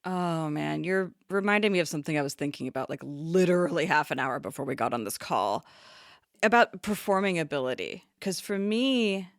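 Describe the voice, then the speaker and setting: A woman co-hosting a podcast from home over a video call, thinking aloud and questioning herself, with quick asides. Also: low-pitched, animated, dry recording, clean studio sound. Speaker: podcast co-host. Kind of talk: candid conversational podcast talk.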